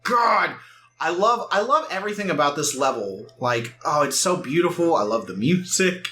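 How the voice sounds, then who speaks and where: A man doing casual let's play commentary, animated and quick to laugh. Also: fairly high pitch. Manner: animated, laughs often, breaks into excited exclamations.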